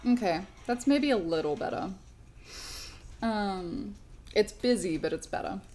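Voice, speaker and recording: A woman's voice: mid-range voice, measured pace, dark tone, faint music behind. A woman streaming while she crafts at home, chatting casually and rambling, with many fillers and restarts.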